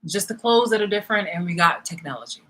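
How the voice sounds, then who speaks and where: A woman's voice: mid-range voice, animated, fast, bright, forceful tone, low-quality recording. A woman vlogger ranting angrily and sarcastically, swearing hard and breaking into bursts of laughter. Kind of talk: heated vlog rant.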